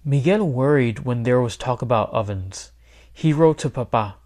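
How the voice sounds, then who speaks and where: A man's voice: medium pitch, expressive, moderate pace, a little mellow. Man reading a children's story aloud. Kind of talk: children's read-aloud narration.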